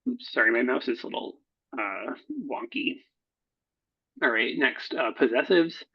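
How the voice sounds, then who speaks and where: A man who edits research proposals, talking through slides in a recorded workshop, halting often with fillers and self-corrections. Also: mid-range voice, slightly rough. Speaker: proposal editor. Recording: dull lo-fi recording.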